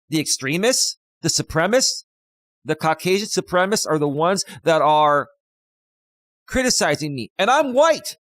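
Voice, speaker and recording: A man's voice: a little high, fairly bright tone, no echo, studio quality. Impassioned man preaching on a live stream. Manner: impassioned, preachy, repeats himself. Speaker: life coach streamer.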